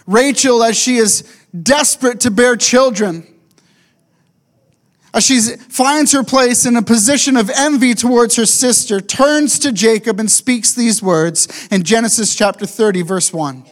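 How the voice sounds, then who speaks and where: A man preaching a sermon as a pastor, emphatic and deliberate, slowing down to repeat key phrases. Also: extremely high pitch.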